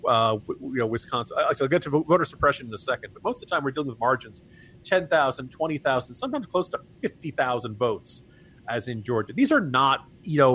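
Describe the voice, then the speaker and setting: A man's voice: mid-range voice, fairly bright tone, husky. A man co-hosting a political podcast, talking in a wry, chatty way. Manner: wry, chatty, laughs at his own jokes. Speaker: podcast co-host. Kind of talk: casual political talk.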